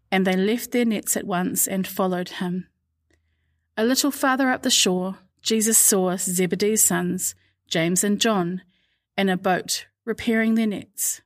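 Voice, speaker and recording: A woman reads scripture aloud at a calm, measured pace. Her voice sits in a middle pitch, and she slows down for the quoted lines. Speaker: Bible reader. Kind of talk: scripture reading.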